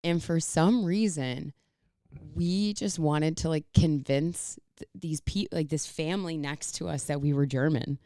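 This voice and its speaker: A woman's voice: sits low, measured pace, mellow, no echo, studio quality. A young woman co-hosting a podcast, telling rambling stories with lots of giggles and "like" fillers. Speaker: podcast co-host. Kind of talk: casual chat.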